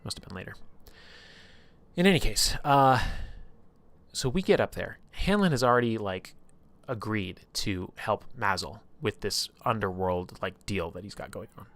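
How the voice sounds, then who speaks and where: A man casually retelling a tabletop campaign on a live stream, rambling and animated, with lots of filler and swearing. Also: fairly low pitch, moderate pace, no room sound.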